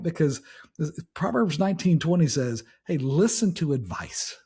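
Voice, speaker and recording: A man's voice: on the high side, big pitch swings, normal speed, mellow, breathy edge. A man hosting a podcast, giving a casual motivational talk in a conversational way, with frequent restarts and "right?" tags. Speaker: podcast host.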